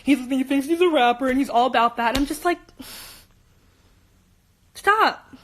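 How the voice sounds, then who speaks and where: A teenage girl from Los Angeles, a high school student telling an upset personal story in quick bursts full of restarts. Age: teens. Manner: animated, rapid, many restarts. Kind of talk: emotional personal rant.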